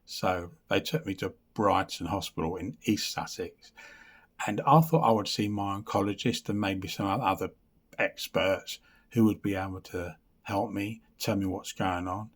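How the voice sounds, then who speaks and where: A man's voice: deep voice, normal speed, slightly rough. An English man giving a rambling health update on his vlog, reading from notes and often losing his place, with blunt, dry humour. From England. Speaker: vlogger.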